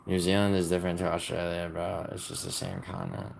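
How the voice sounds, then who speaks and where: A young American livestream host reads comments and rambles loosely, teasing his viewers in a low, gravelly voice filled with "like" and restarts. He talks quickly with big pitch swings, over a faint hiss of background noise.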